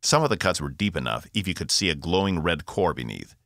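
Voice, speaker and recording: A man, the author, narrating his own science fiction audiobook with expressive delivery. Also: low-pitched, a little fast, dry recording, clean studio sound. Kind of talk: scripted narration.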